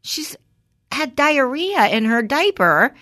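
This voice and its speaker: A woman co-hosting a podcast, telling candid stories as a mother in a casual, expressive way. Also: high-pitched, slow. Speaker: podcast co-host. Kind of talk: casual chat.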